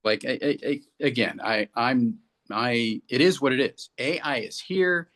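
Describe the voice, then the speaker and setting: A man's voice: medium pitch, unhurried, a bit bright. A man co-hosting a business podcast, talking earnestly and restarting his sentences often. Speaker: podcast co-host. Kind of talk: casual discussion.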